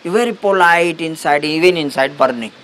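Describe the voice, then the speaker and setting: Man giving an unhurried satsang talk. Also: on the high side, a bit bright, low-quality recording. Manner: halting, broken English with many restarts. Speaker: spiritual teacher.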